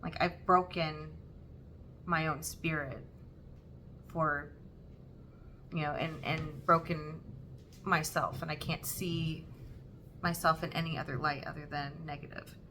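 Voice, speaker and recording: A young woman talks to her viewers in a personal vlog, earnest and halting, often restarting her sentences. Her voice is bright and sits slightly low for a woman. A faint rumble runs underneath. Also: little pitch movement. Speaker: Flosstube host. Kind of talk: heartfelt personal vlog talk.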